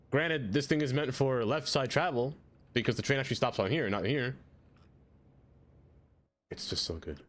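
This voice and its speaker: A man streaming a game live, chatting casually with his viewers, laughing often and jumping into high excited exclamations. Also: moderate pace, long pauses. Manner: chatty, laughs often, talks straight to chat.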